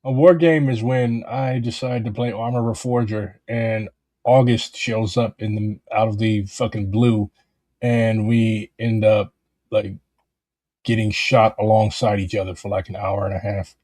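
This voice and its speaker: Brief: heated, profane American man, husky tone, casual podcast chat. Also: fairly low pitch, level tone, a little slow, a little mellow, no room sound, studio quality. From United States. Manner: blunt, profane, heated rants.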